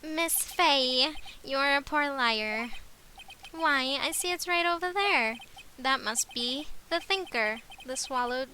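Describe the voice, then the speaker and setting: A smug, pompous male villain played by a woman speaks in a high, drawn-out voice. He savors each slow, theatrical word with cold menace. The tone is bright and sharp, with a faint hiss behind it. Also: exaggerated voice, poor audio. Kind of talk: reading video game dialogue aloud.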